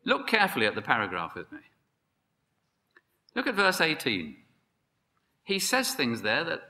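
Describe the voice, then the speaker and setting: Animated preacher man in a reverberant hall. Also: on the high side, normal speed, long pauses. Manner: emphatic, rising to excited peaks. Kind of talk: sermon.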